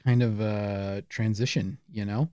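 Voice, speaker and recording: A man in casual podcast chat, joking and pausing on fillers as he thinks aloud. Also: fairly low pitch, steady tone, dark tone, clear, resonant tone, dry recording, studio quality. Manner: jokey, hesitant with fillers.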